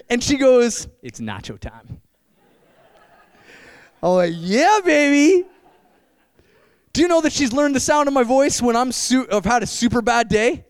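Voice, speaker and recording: High-voiced young man preaching a sermon. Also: no room sound. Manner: animated, addresses the congregation with questions.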